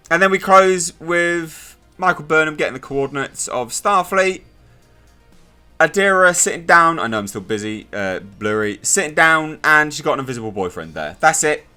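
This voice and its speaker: A man giving a casual spoken review, animated and sarcastic. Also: fairly high pitch, moderate pace, faint music behind. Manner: animated and sarcastic, mocking characters in silly voices. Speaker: video reviewer.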